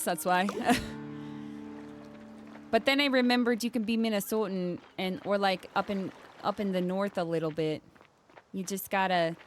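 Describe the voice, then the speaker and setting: A woman hosting a gaming channel, giving playful let's-play commentary with giggly, jokey asides. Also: fairly low pitch.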